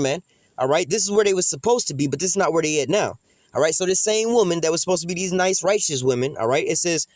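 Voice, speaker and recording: Casting: a fast-talking, profane man preaching from scripture in AAVE, rambling and slangy, slightly high voice, dry close sound. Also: a little mellow, dry recording. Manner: slangy, profane, rambling, repeats "man" and "you know what I'm saying"; acts out quoted relatives in heated voices. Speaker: street preacher. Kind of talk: informal Bible teaching.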